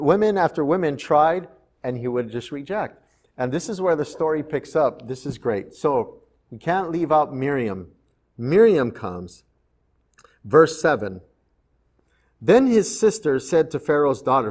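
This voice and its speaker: A male pastor giving a sermon in an animated, conversational storytelling manner. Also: medium pitch. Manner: animated, conversational, slips into character voices.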